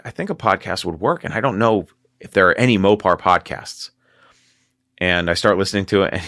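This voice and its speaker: A man's voice: deep voice, fairly bright tone, no echo, studio quality. A man hosting a casual podcast, telling a long story in a rambling way and laughing often. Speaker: podcast host.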